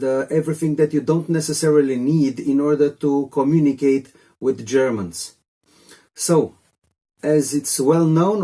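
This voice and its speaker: Male tutor, relaxed mellow tone, loose jokey delivery for a casual video lesson. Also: fairly high pitch. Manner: rambling, chatty, jokey asides. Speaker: language teacher.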